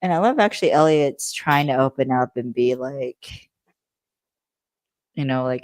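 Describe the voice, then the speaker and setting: A woman's voice: very deep voice, moderate pace, pauses often, darkish tone, dry recording. Rambling woman podcast co-host, dry sound. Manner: rambling, heavy fillers, laughs easily. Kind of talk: casual chat.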